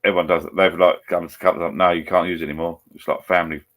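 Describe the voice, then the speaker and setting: A man's voice: low-pitched, flat delivery, rapid-fire, a bit bright. A man with an Essex accent hosting a live stream from home, chatting in a rambling, blokey way. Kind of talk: casual banter over a video call. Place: at home beside a laptop.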